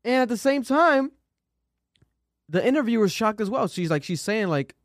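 A man's voice: high voice, expressive, normal speed, dry recording, clean studio sound. A man casually reacting to an interview clip, rambling with many restarts and swearing. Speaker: reaction streamer.

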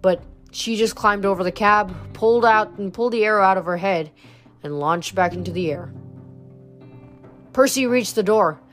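A woman reading a novel aloud, with an even storytelling delivery. Her voice sits at a middle pitch, with faint music running beneath. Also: normal speed. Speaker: reader.

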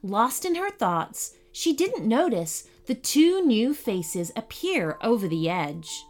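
Slow, expressive woman storyteller. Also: fairly high pitch. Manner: slow, expressive, animated reading. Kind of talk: children's bedtime story narration. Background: faint music.

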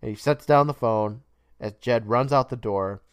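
A man's voice: medium pitch, moderate pace, smooth, no echo, studio quality. A man co-hosting a podcast, recapping a show casually, swearing freely and laughing often. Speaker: podcast co-host.

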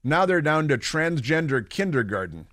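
A man's voice: on the high side, very animated, moderate pace, fairly bright tone, dry recording, studio quality. A man hosting a political talk radio show, rambling and sarcastic, with mocking asides.

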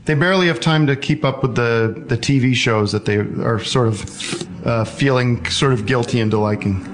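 A man hosts a casual call-in show. He rambles in loose, halting phrases, circling back and restarting his thoughts. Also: mid-range voice. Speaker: podcast host taking calls.

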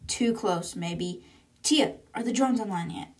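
A woman voicing a calm commanding leader. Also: mid-range voice, unhurried, far from the mic, close to an everyday voice. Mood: firm.

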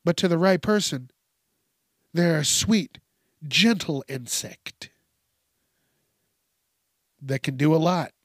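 A man's voice: fairly high pitch, expressive, slow, pauses often, no echo, clean studio sound. A man hosting a casual solo podcast, talking loosely, swearing and drifting between topics with frequent restarts. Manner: frequent restarts and repeated words. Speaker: podcast host.

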